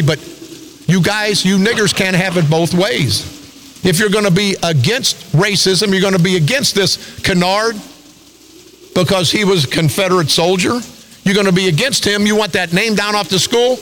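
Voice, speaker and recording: Ranting bright-voiced male radio host. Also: sits high, slight background noise. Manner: ranting, confrontational, repetitive. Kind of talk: angry talk radio monologue. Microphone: studio broadcast mic.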